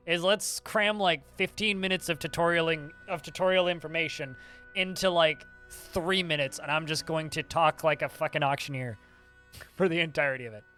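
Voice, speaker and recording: A streamer chats casually and quickly with his livestream audience, answering their questions. His voice is bright, forceful, and a little high, with faint guitar music playing quietly in the background.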